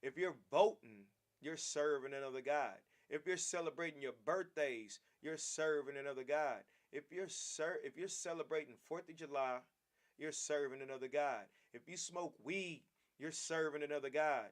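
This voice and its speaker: A man preaching a Bible lesson with a somewhat high voice. He hammers his points with repeated phrases and speaks straight to his listeners, calling them "man" as he goes. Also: moderate pace. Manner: emphatic, repetitive, calls listeners "man". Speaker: class teacher.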